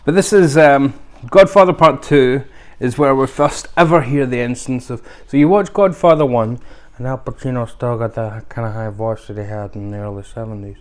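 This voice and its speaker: A man's voice: medium pitch, moderate pace. A man hosting a casual unboxing review, chatty and rambling with lots of fillers. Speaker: video host.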